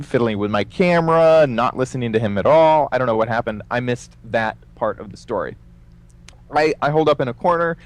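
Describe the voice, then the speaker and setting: A man casually telling a story as a podcast guest, animated and full of fillers, acting out the voices of the people in it. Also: medium pitch. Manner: animated, acts out quoted voices, many fillers.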